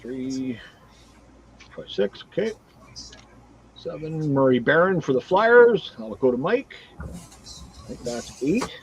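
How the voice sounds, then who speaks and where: A man's voice: on the high side, takes it slowly, long pauses, a little hiss or hum, low-quality recording. A man hosting a casual livestream card break, reading out cards and teams one after another. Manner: reads out cards and teams in a steady run.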